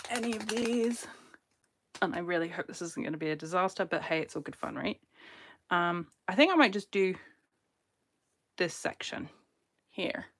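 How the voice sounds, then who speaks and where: A woman hosting a casual drawing livestream, chatty and self-deprecating, talking close to a phone camera. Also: lowish voice. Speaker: art channel host. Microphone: phone held close as camera.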